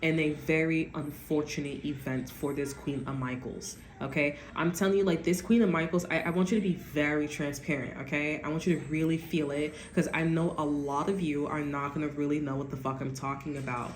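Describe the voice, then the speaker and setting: A woman's voice: sits low, fairly even intonation, brisk, hardly any pauses. A woman giving a casual tarot reading, rambling and giggly, cursing freely and tagging lines with "okay?". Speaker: tarot reader. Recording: echoey room with faint ambient noise.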